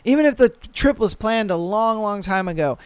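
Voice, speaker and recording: A man's voice: high voice, lively intonation, moderate pace, clean tone, no echo. A young man hosting a podcast, ranting in casual, profane, exasperated reaction commentary. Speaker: podcast host.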